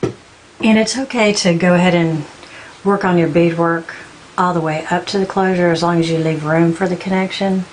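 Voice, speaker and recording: A woman giving a patient step-by-step beading tutorial, counting out beads slowly as she works. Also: lowish voice, steady tone, slight background noise, low-quality recording. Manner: patient, counts beads aloud in slow steps. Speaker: beading instructor.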